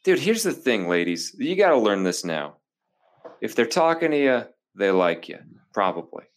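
A young man co-hosting a podcast, chatting casually and excitedly, full of "dude". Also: on the low side, moderate pace. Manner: animated, keeps saying dude. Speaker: podcast co-host. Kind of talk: casual comedic chat.

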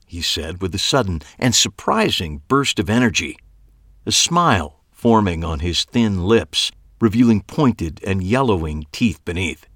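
A man with a very low voice reads a first-person story aloud in an unhurried, measured way. His pitch rises and falls with a lot of movement, and the recording is dry and close, with no room sound. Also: a bit bright, no echo. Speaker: audiobook narrator.

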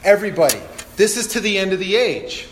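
A man preaching a sermon to a congregation, animated, acting out Bible quotes and laughing at himself. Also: high-pitched, fast, slight background noise. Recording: echoey hall.

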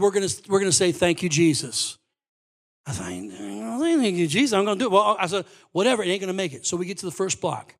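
A man preaching a sermon as pastor, telling a personal story with animated swings from quiet asides to loud exclamations. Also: high voice.

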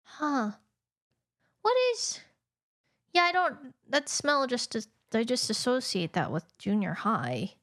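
A woman's voice: a little high, wildly swooping pitch, takes it slowly, pauses often, a bit bright. Musing woman from Utah, casual chat. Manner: musing, searching for words. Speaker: podcast co-host.

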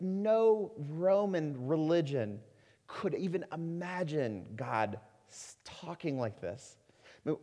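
A male pastor delivers a sermon in an earnest, unhurried way, his fairly high voice swelling into loud emphasis and then sinking into slow, quiet passages. The sound rings with the long reverb of a large hall.

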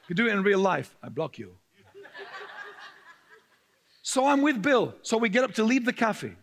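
A male pastor preaching a sermon, telling stories with humor, laughing often and getting very animated. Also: on the high side, gravelly.

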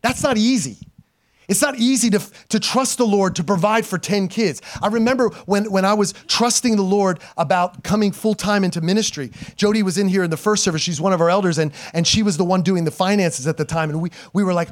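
Brief: middle-aged male pastor, high voice, animated sermon with call-and-response, dynamic swings from loud to quiet. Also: fairly quick. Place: church sanctuary before a congregation.

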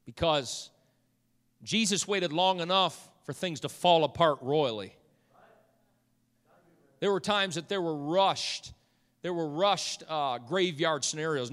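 A male preacher delivering a sermon, swinging from hushed storytelling to loud, fervent shouting. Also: fairly high pitch. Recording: long hall reverb.

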